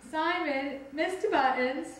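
High-voiced excitable woman, echoey home video. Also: unhurried. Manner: excitable, laughing, teasing. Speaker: birthday celebrant. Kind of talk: casual home-video chat. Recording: echoey room with background noise on home video.

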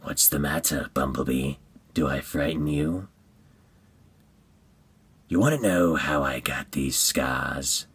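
Man voicing an unhinged villain, taunting, creepy, very low. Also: slow pace, pauses often, a bit bright, husky, exaggerated voice. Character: unhinged mocking male villain, clown-like.

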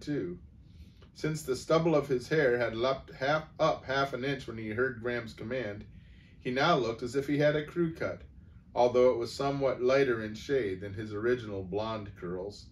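A man reading a humorous story aloud in an unhurried, wry way, with the odd small stumble. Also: medium pitch. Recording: voice from far off the mic, faint noise.

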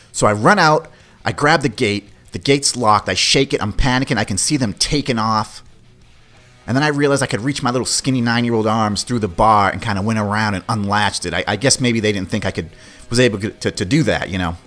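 A middle-aged man, hosting a podcast and telling a story from his childhood in a casual, animated way, swearing freely. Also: lowish voice, moderate pace. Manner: animated, swears, acts out quoted voices. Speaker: podcast host. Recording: faint music behind.

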